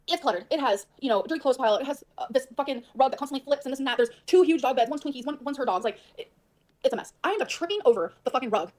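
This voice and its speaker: Fast-talking woman venting on a livestream. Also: sits high. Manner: fast, emphatic, swears often. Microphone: livestream mic.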